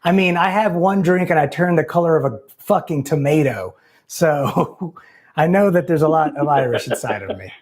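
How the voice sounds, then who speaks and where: A man's voice: a little high, animated, moderate pace. A man hosting a live call-in show, loose and rambling, laughing easily with callers. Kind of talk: casual chat.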